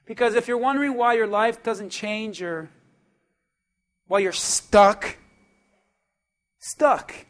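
A male pastor preaching a sermon, animated, with call-and-response, swinging from quiet asides to shouts. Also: sits high, takes it slowly, pauses often.

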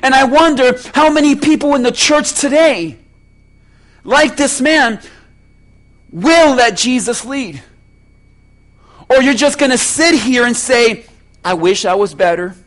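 A man preaching a sermon as pastor, slow and emphatic, asking the congregation rhetorical questions. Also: very high voice, fairly bright tone.

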